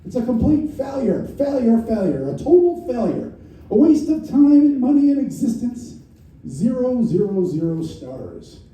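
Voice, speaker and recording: A middle-aged man with a New York accent reads his poetry aloud at a live variety show, in a wry, deadpan way with many repetitions. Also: very high-pitched, measured pace. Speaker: poet reading his work. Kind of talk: spoken-word poetry reading. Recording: very echoey room from far off, faint noise.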